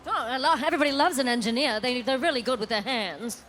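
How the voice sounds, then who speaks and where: A woman's voice: high-pitched, fast talker, fairly bright tone, soft background music. A woman playing in a tabletop game, joking playfully with the table. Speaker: player.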